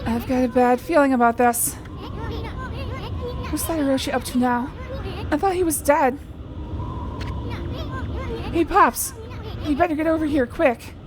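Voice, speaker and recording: A woman voicing a tiny, brash male wandering artist sprite who talks quick and teasing, with game music behind. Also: high voice, crowd noise, noisy background. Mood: cocky.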